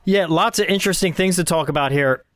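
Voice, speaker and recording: Higher-voiced man hosting a movie podcast, dry sound. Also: fast talker, fairly bright tone, no room sound. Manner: leads the segment, laughs often. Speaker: podcast host. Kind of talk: casual movie podcast chat.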